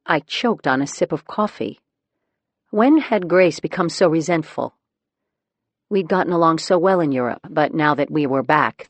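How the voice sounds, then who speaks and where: A woman narrating an audiobook in the first person, telling the story in a wry, measured way. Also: low voice, no echo.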